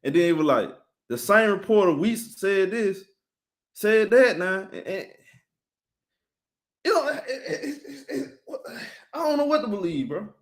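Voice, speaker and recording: A man talks loosely and energetically, as if running his own live sports stream. His voice sits a little high for a man. He keeps turning to address his viewers directly. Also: measured pace, pauses often. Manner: animated, talks straight to chat viewers, shouting them out.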